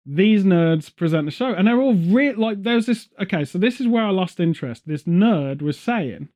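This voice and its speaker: A man in casual chat as a podcast co-host, ranting sarcastically and telling animated stories. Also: high-pitched, moderate pace.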